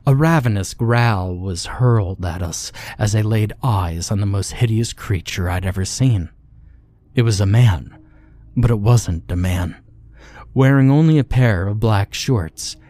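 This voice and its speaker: A man narrating a scary story in a measured, steady delivery. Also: on the low side, no echo. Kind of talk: scripted horror story narration.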